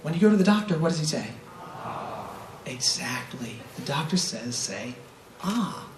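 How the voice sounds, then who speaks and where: A man's voice: mid-range voice, big pitch swings, normal speed. A man teaching a brass masterclass, explaining breathing with rhetorical questions and demonstrating vowel sounds. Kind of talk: masterclass lecture. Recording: roomy echo from a distant mic, faint noise.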